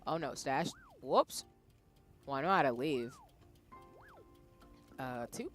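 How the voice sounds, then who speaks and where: Brief: woman streamer, casual game talk, quiet and mumbled, lively pitch, faint music behind. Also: takes it slowly. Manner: quiet, muttering to herself while playing. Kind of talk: casual gameplay commentary.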